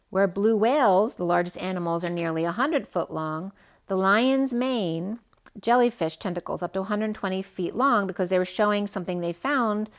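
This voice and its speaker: A woman's voice: mid-range voice, muffled recording. A woman giving a solo spiritual reading, rambling and free-associating from one idea to the next. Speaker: spiritual reader.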